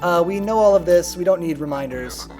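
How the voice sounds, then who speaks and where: Man, streamer, high voice, very lively pitch, slightly worn voice, faint game music behind. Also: brisk. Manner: chatty, reads game text aloud, hums and scats to himself. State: losing his voice a little. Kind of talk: casual live game stream chat.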